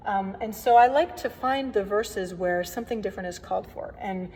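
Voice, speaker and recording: A woman's voice: mid-range voice, moderate pace, darkish tone, husky. Woman organist teaching in an echoing church. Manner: friendly, chatty explaining with playful asides. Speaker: organist teaching hymn playing. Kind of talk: recorded workshop lesson. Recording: long reverb, faint background noise.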